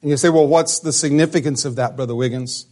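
A man preaching a sermon, emphatic, sometimes dropping to a hush, and often restarting his words. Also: on the high side, quick pace. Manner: emphatic, drops to a hush for dramatic lines.

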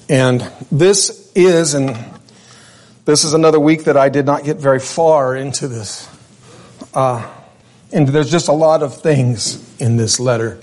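A man's voice: medium pitch, darkish tone. A male pastor giving a sermon in a conversational way, with asides and restarts.

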